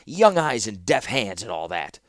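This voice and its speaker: A man's voice: on the low side, very animated, measured pace, a bit bright, no room sound, clean studio sound. A man voicing a gushing, fawning male clockmaker. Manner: obsequious, flustered and gushing. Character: fawning middle-aged male shopkeeper clockmaker. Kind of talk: audiobook character voice.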